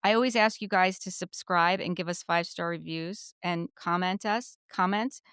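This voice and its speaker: A woman's voice: lowish voice, normal speed, a bit bright, smooth, no room sound, clean studio sound. A woman co-hosting a podcast, chatty and agreeable as she retells scenes from a show. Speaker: podcast co-host. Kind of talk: casual chat.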